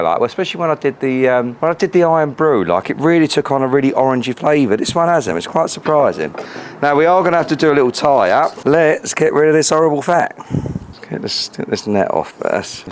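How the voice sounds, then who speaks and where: A man's voice: a little high, a little hiss or hum. A man chatting cheerfully as he cooks outdoors, joking and swearing a lot. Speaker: cooking vlogger. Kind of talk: casual cooking chat to camera. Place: outdoors at a grill.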